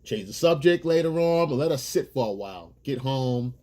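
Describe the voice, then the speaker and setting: A man with a husky voice giving emphatic, preachy dating advice in a monologue as a coach. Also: mid-range voice, expressive, moderate pace, dark tone.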